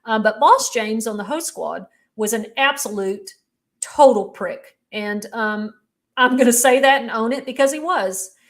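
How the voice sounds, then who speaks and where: A woman's voice: fairly high pitch, measured pace. A middle-aged woman, telling her own story as an interview guest in a candid, emotional way. She halts often and restarts her sentences.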